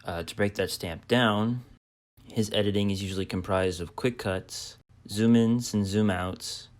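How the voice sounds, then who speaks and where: A young man, a film student, narrating a video essay in a measured way with filler sounds. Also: on the low side. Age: young adult.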